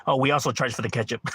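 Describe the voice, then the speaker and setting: A man's voice: medium pitch, bright, forceful tone, slight background noise. A middle-aged man streaming a game from home, ranting casually with lots of profanity and constant "bro.". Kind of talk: casual livestream rant.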